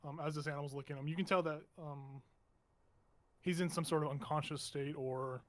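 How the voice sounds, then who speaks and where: A man narrating a tabletop game as game master in a meandering, halting way with many restarts. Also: a little high, fairly even intonation. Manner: meandering, halting, self-correcting.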